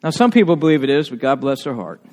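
A man with a New England accent, a pastor preaching a sermon in a lively, conversational way, full of rhetorical questions. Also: mid-range voice, fast. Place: church sanctuary. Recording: long church reverb.

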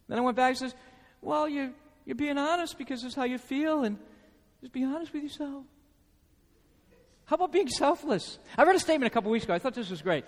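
A man's voice: extremely high pitch, a little fast, long pauses. A man preaching a sermon to his congregation, emphatic, repeating key phrases and asking the room questions. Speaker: pastor. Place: church sanctuary. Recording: reverberant church hall.

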